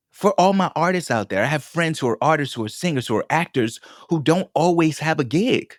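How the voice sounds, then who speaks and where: A man's voice: fairly high pitch, dry recording, clean studio sound. Sassy, affirming male podcast host. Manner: sassy, affirming, talks to listeners as baby and bitch; pep-talk, builds to emotional encouragement. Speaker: podcast host and food vlogger. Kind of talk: casual solo podcast monologue.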